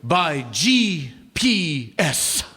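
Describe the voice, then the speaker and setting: A man's voice: on the high side, sing-song, extremely slow, sharp tone, full character voice. An actor playing a grand, solemn wise man in a live stage comedy sketch, talking in a stately, pompous way. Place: theatre stage.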